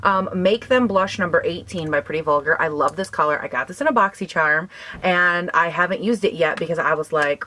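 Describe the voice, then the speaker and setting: While doing her makeup, a beauty vlogger in her twenties chats casually, giggling often and peppering her talk with "like" and "um." Her voice is on the low side, fairly quick, pushed and bright, over slight background noise.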